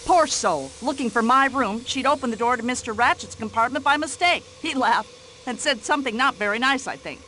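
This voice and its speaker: Brassy older American widow, game role, bright lively nagging voice. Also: female voice, fairly high pitch, brisk, a little hiss or hum. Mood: gossipy. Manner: indignant, nosy, fussy complaining chatter. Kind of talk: video game voice acting.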